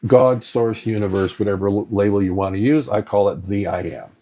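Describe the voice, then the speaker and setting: On a live stream to an online audience, a man gives a conversational spiritual teaching, frequently checking in with "right?" and responding to viewer comments. His voice is fairly low, dark, and fairly quick, on lo-fi sound.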